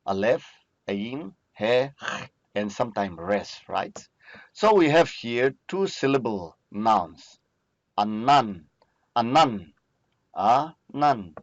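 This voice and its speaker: A man's voice: fairly low pitch, big pitch swings, dry recording. A man teaching a recorded lesson, patiently asking questions and answering them himself. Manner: slow, patient, asks and answers own questions. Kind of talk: recorded lecture. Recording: dry, muffled lo-fi voice recording.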